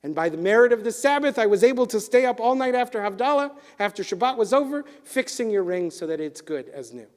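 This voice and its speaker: Devout humble shopkeeper, voiced by a man, gentle, earnest, high voice, long chapel echo. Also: lively intonation, quick pace, hardly any pauses. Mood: calm explaining. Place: synagogue chapel. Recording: long hall reverb in a chapel.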